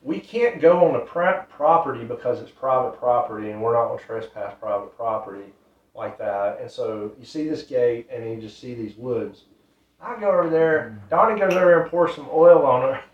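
A man's voice: medium pitch, lively intonation, normal speed. A man telling a ministry testimony in an earnest, repetitive, casual way. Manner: earnest, repetitive, loose grammar. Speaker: ministry storyteller. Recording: roomy, distant, dull sound.

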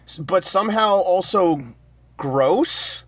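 A man's voice: high voice, animated, slow, no room sound, clean studio sound. A man co-hosting a movie review podcast, rambling casually with lots of "like". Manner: rambling, exasperated, says "like" a lot. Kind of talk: casual chat.

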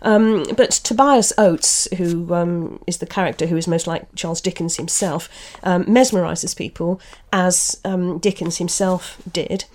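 A woman's voice: fairly low pitch, a little slow, few pauses, darkish tone. A woman novelist discussing a book and reading from it, thoughtful and full of restarts. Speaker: novelist guest.

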